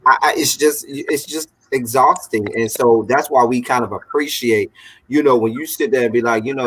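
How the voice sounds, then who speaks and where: A man's voice: mid-range voice, normal speed, fairly bright tone, slight background noise, low-quality recording. A man co-hosting a casual live-stream review chat over a video call, brash and joking. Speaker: co-host reviewer.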